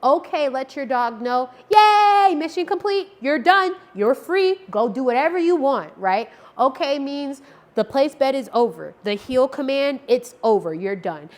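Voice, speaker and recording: Chatty woman teaching dog training, keeps asking okay? and does the cue words in bouncy voices, mid pitch. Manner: friendly, repeats "okay?" to check understanding; acts out marker words with lively tone changes. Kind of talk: casual instructional talk to camera.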